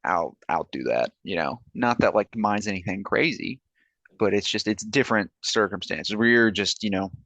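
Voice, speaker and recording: A young man with a deep, gravelly voice talks in a relaxed, halting way as a podcast guest. The recording is dry and close. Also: dry recording. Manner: laid-back, hesitant, lots of fillers. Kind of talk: casual chat.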